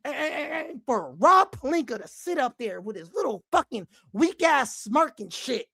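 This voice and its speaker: A man hosting a basketball fan show, ranting angrily with heavy profanity and frequent shouting. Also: extremely high pitch, big pitch swings, normal speed, vocal fry, slightly rough, no echo, clean studio sound. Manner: angry, profane, often shouting. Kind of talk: heated fan rant.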